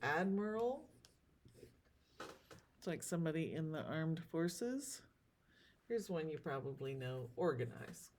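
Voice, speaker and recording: A woman teacher giving a recorded lesson, sounding out words slowly and carefully. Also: low-pitched, big pitch swings, darkish tone. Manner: slow, drawn-out word sounding.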